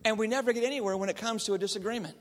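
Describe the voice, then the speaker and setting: A high-voiced counselor rattles off stories rapid-fire to a live crowd, animatedly playing the people in them, and the sound carries the feel of a big room.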